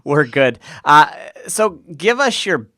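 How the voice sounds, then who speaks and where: A man's voice: fairly high pitch, sing-song, takes it slowly, sharp tone, no room sound. A man hosting a podcast interview, upbeat and enthusiastic, speaking into a close studio mic. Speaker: podcast host.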